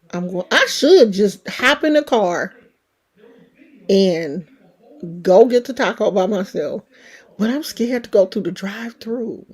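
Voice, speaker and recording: A woman's voice: medium pitch, darkish tone. A woman in her sixties chatting frankly and casually as a vlogger, swearing freely and speaking in an earthy way. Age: 60s. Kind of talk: casual to-camera chat.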